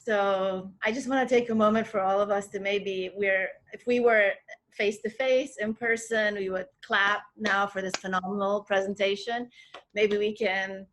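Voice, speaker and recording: A woman's voice: mid-range voice, fairly even intonation, moderate pace, fairly bright tone. Woman, committee chair, online defense, formal, appreciative, mid-range voice. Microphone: video call.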